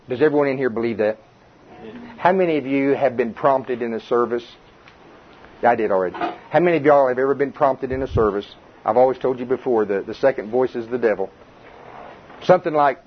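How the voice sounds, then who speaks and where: A man's voice: medium pitch, lively intonation, moderate pace, long pauses, husky, lo-fi sound. A man preaching an informal sermon, conversational and quizzing the congregation. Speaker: pastor.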